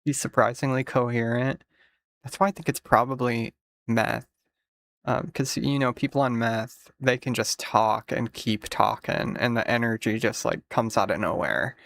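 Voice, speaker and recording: A man's voice: mid-range voice, normal speed, gravelly, a bit bright, no echo. A man streaming, casually commenting on a video with amused jokes and frequent laughter. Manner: amused, joking, laughing often.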